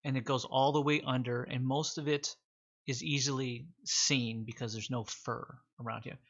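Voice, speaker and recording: A man's voice: medium pitch, fairly even intonation, moderate pace, fairly bright tone, muffled recording. A man narrating a tabletop game as game master, describing scenes with frequent filler words.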